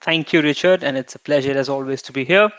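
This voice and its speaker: Calm man panelist from India. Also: medium pitch, fast talker, no room sound, highs cut off. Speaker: regular panelist.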